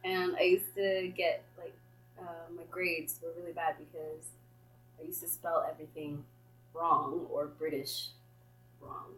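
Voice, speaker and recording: A young woman from Kenya hosting a podcast in casual chat, animated and quick to laugh. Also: low voice, a little hiss or hum, low-quality recording. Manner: animated, laughing easily, storytelling. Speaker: podcast host.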